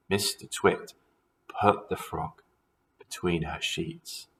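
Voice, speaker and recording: A man's voice: deep voice, creaky, bright, forceful tone, rough recording. A man who teaches primary school, reading a children's story aloud expressively and talking to his pupils.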